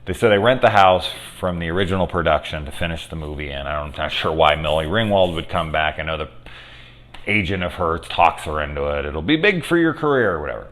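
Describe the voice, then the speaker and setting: Low-voiced man rambling through a movie review. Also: brisk, a bit bright. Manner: rambling, profane, many fillers. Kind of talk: casual spoiler movie review.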